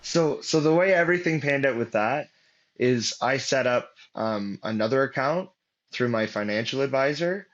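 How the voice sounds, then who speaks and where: A man's voice: medium pitch, lively intonation, moderate pace, a bit bright. Rambling man telling a story, muffled sound. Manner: rambling, many fillers and restarts. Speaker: interview guest. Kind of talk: casual storytelling.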